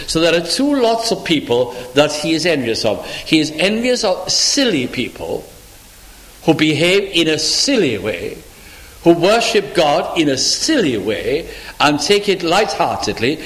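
A man preaching a sermon, acting out quoted voices as he explains a psalm. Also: rough recording. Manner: animated, acts out quoted voices with rising pitch.

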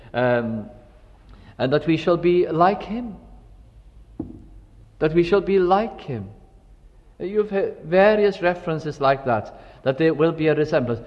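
An older man preaching a sermon, reflective and full of storytelling asides. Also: mid-range voice. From Wales. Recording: dull recording with long hall reverb.

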